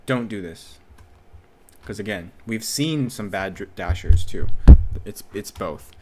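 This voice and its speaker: A man's voice: fairly low pitch, slight background noise. A man streaming from home, reading posts aloud and reacting in a loose, casual way, swearing freely and muttering to himself.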